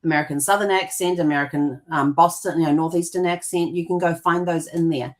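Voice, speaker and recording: A woman co-hosting a casual conversation with a somewhat low voice. She explains in long, loose runs, trailing off and restarting often. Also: fairly even intonation, a little fast. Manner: rambling, with many fillers and restarts. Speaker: co-host.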